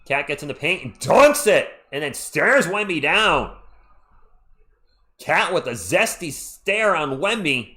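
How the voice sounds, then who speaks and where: A man calls a basketball game live for a stream audience, rooting openly for one side and breaking off to greet people in the chat. His voice sits a little high and jumps up sharply when a big play happens. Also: slow pace. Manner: excitable, fan-biased, chatty with viewers. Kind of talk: live play-by-play commentary with chat shout-outs.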